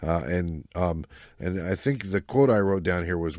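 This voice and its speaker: A man's voice: low voice, normal speed, darkish tone, no echo. A man co-hosting a podcast, talking through a novel in a loose, rambling way with many fillers. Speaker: podcast co-host. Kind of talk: casual book discussion.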